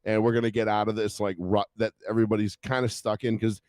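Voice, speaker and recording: A man's voice: fairly low pitch, quick pace, dry recording. A man co-hosting a podcast, chatting casually with lots of fillers and swearing. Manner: animated, swears a lot, many fillers. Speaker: podcast co-host. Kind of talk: casual banter.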